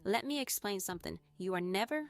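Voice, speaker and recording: A woman's voice: mid-range voice, animated, a little fast, creaky. A woman lecturing insistently and repeating herself for emphasis.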